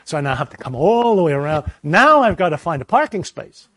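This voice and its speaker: A man preaching a sermon, telling a personal story in a lively way and acting out the voices in it. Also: on the high side, fairly quick, slight background noise. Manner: animated storyteller, acts out voices.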